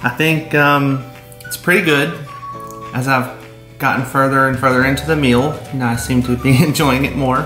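A man's voice: mid-range voice, fairly even intonation, normal speed, bright, forceful tone, soft background music. A man, tasting a dish at home and giving his verdict in a laid-back, hesitant way. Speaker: husband tasting the food. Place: home kitchen, away from mic. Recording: echoey room, off-mic.

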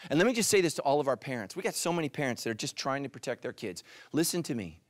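A male pastor preaching with a lively voice that swings high and low. He talks straight to the people in front of him, and the sound is dry and close. His pitch sits in a middle range for a man. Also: racing, dry recording. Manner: animated, addresses listeners directly. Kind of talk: sermon.

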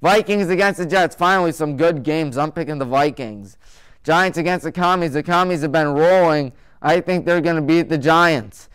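A man's voice: on the high side, moderate pace, a bit bright, smooth. A male sports talk show host rattling off his weekly game picks in a joking, opinionated way, with mocking nicknames for teams.

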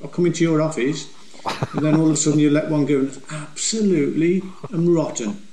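A man's voice: a little high, fairly even intonation, fairly quick, mellow, echoey room, a little hiss or hum, low-quality recording. An older man with a West Midlands accent, a member of a motorbike vlog group, answering questions in rambling, jokey banter. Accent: West Midlands English. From West Midlands, England. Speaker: interviewee, motovlog group member. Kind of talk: casual chat.

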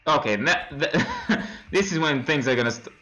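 A man's voice: on the high side, expressive, normal speed, pushed and bright. A young man commenting on a horror game as he plays it, nervous, laughing from fright and breaking into yelps and screams. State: hoarse from screaming. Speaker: let's play gamer.

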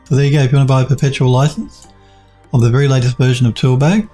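A man with a mid-range, steady, dark-toned voice races along while developing a game on a live stream, faint music behind him. He's losing his voice as he reads viewers' chat aloud and answers casually, full of fillers and restarts.

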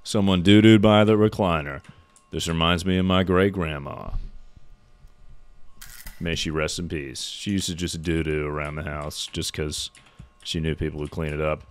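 A man's voice: extremely low pitch, steady tone, normal speed, smooth. A young man streaming a horror game live, joking loosely and reading out chat. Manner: jokey, reacts to chat and thanks subscribers.

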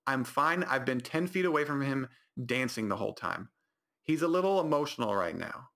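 A man's voice: mid-range voice, expressive, moderate pace, gravelly, a bit bright. A man quoting his young girlfriend, casual and offhand. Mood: breezy. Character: cheerful young woman, calm girlfriend.

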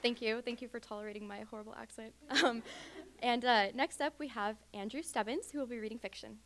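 A woman's voice: a little high, a little fast, background noise. Young woman reading her story aloud. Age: young adult. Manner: steady first-person storytelling. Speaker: graduate student reading her fiction.

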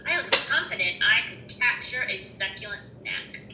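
A woman's voice: mid-range voice, animated, moderate pace, pushed and bright, a little hiss or hum. A woman voicing a greedy, hungry male crow that screeches, in a storybook read-aloud. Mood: disappointed. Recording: roomy room, mic at a distance.

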